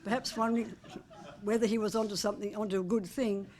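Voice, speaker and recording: A woman's voice: mid-range voice, steady tone, fast talker, darkish tone. An older woman, in her seventies, speaks as an author at a book launch. Her prepared speech is heartfelt and affectionate, with touches of wry humour. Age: 70s.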